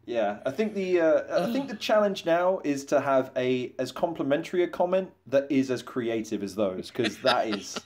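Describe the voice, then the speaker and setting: A man's voice: mid-range voice, big pitch swings, moderate pace, few pauses, a little hiss or hum. A man co-hosting a casual game chat with dry, wry reactions. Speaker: co-host.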